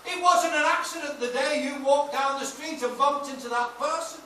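A man in his sixties, a pastor preaching a sermon in a large church, mixing personal stories with emphatic, shouted praise. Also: extremely high pitch, normal speed, a little hiss or hum. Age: 60s. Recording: echoey hall, mic off at a distance.

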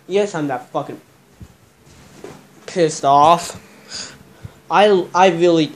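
A man's voice: a little high, takes it slowly, pauses often. A young man vlogging, agitated and cursing after a scare, repeating himself a lot. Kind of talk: casual vlog chat.

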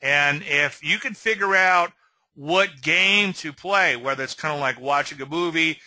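Leading a loose trading lecture, this show host and educator takes his time, peppering his rambling talk with asides and frequent "okay?" check-ins. His voice is on the high side with a sharp tone. The recording is rough, with no echo.

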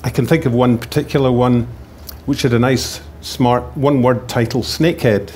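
A man's voice: medium pitch, steady tone, moderate pace, darkish tone, a little hiss or hum. A male crime novelist from Scotland speaking on a panel, telling anecdotes with frequent ums and restarts. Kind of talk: panel talk. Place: festival stage.

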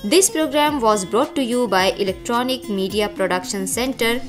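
A woman from India reading the closing credits of an educational program in a formal, even way. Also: fairly high pitch, normal speed. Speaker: credits announcer. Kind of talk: formal announcement. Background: loud guitar music.

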